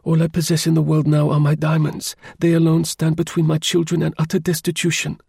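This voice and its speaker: A man's voice: on the high side, monotone, a little fast, gravelly, darkish tone, husky, no room sound, studio quality, pitched above the performer's own voice, heavily acted. A man voicing an anxious aristocratic widow, a countess, pleading and earnest in a raised voice.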